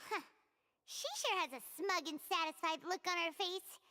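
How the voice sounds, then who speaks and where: A woman voicing a tiny, excitable floating fairy companion who talks about herself in the third person. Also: very high voice, normal speed. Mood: curious.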